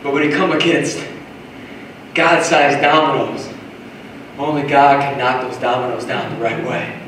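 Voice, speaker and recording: A man preaching a sermon to a congregation, animated, swinging between shouted lines and hushed asides. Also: medium pitch, unhurried, a little hiss or hum. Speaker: pastor. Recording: echoey hall, voice from far off.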